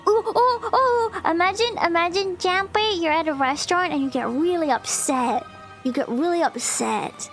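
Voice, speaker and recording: A woman with a high, bright voice hosts a casual live stream. She reads a passage aloud in a loose, chatty way, full of "um"s and "like"s. She keeps breaking into giggles and squeaky cries of disbelief. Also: moderate pace, faint music behind. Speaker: VTuber streamer.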